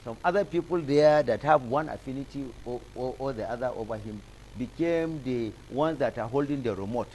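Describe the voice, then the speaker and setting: A man's voice: medium pitch, moderate pace, a little mellow, slight background noise, poor audio. A Nigerian man giving impassioned, rhetorical commentary as a guest on a studio talk show, stacking up repeated phrases. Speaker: political analyst guest. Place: television studio.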